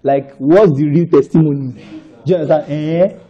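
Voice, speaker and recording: A man's voice: on the high side, fairly even intonation, moderate pace, slightly rough, dull audio. A man with a Nigerian accent preaching a conversational sermon, repeating phrases for emphasis and often checking that listeners are following. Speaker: pastor.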